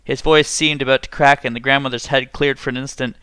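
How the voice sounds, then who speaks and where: A man narrating a short story aloud in a measured, even reading. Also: mid-range voice, smooth, dry recording.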